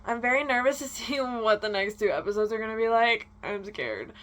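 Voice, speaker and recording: A young woman vlogger ranting in casual chat, animated and swearing freely. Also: a little high, fairly quick.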